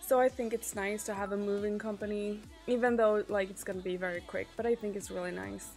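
A woman's voice: medium pitch, steady tone, brisk, darkish tone, faint music behind. A woman streamer in casual chat with her viewers. She is chatty, swears often and trails off with fillers.

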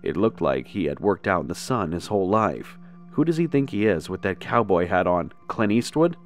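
A man telling a first-person horror story in a steady, measured narration. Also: deep voice, faint music behind.

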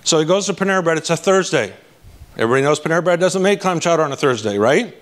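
A man speaking from a conference stage, energetic, casual and blunt, often asking the audience "right?". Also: a little high, racing. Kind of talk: live keynote talk.

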